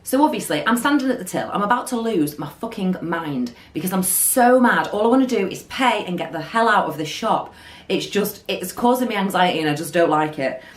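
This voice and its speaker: A woman telling an animated storytime vlog. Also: mid-range voice, fairly quick. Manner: animated storytelling, acting out quotes. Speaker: beauty vlogger. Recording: roomy echo.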